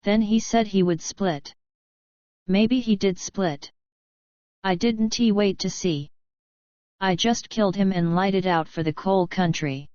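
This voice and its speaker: Audiobook: woman reading a dignified, defiant young outlaw, slow and dry. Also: mid-range voice, a little mellow, dry recording, close to an everyday voice. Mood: cool. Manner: quick, dignified, defiant answers. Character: cool-headed young male outlaw newcomer. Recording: dull lo-fi.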